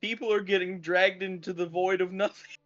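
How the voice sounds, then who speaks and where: A man's voice: sits high, flat delivery, brisk, a bit bright. A man playing in a tabletop game, giggly and flustered, talking casually. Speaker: player. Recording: dull lo-fi recording with faint music.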